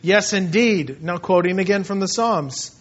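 A man preaching an expository sermon, reading scripture aloud and explaining it with emphatic swings between loud and hushed delivery. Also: high-pitched, a little slow. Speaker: pastor. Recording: muffled, dull lo-fi sound.

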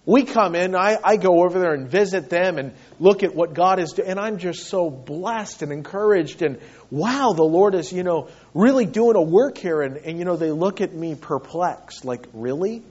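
A man's voice: sits high, lively intonation, normal speed, hardly any pauses, darkish tone, husky, lo-fi sound. A man preaching a sermon as pastor, earnest and emphatic, repeating phrases for weight.

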